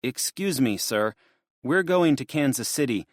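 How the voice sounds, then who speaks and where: An urgent young man on a desperate road trip in an audiobook, earnest and pleading, as a male narrator performs him. The voice sits noticeably higher than the narration. The sound is dry and close. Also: expressive, unhurried, dry recording.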